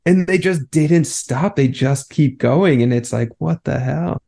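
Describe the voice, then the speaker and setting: Gravelly-voiced man in a casual chat. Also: on the high side, unhurried. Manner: relaxed, swears freely, many fillers. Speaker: podcast co-host.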